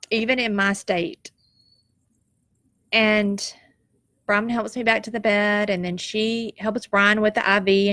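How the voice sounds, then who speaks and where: A woman's voice: mid-range voice, a bit bright, no room sound, clean studio sound. A woman, telling a personal story in an emotional, heartfelt and reflective way, tearful at times. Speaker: nurse sharing a personal story.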